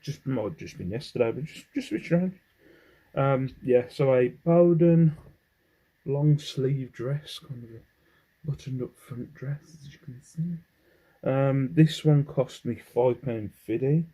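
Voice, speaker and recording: A man's voice: medium pitch, unhurried, mellow, breathy edge, poor audio. An English man in a casual haul vlog, rambling as he goes through his finds and humming to himself between items. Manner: rambling, hums while sorting items. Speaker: clothing reseller.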